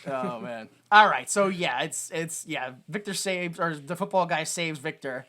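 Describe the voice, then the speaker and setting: Bright-voiced podcast co-host acting out scenes. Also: medium pitch, a little slow. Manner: animated retelling, acts out quotes in put-on voices. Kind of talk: casual movie recap chat.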